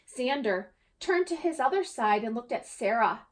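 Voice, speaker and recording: A woman who teaches second grade, reading her own children's storybook aloud in a bright, teacherly way. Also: on the high side, sing-song, moderate pace, hardly any pauses.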